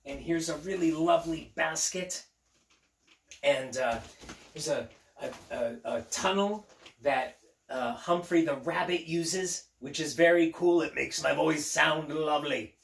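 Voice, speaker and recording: Upbeat, silly male teacher for a kids' read-aloud; slow, gravelly delivery, phone mic in an echoey room. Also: on the high side. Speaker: teacher reading aloud to children. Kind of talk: playful read-aloud and chat to young kids. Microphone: phone propped on a table.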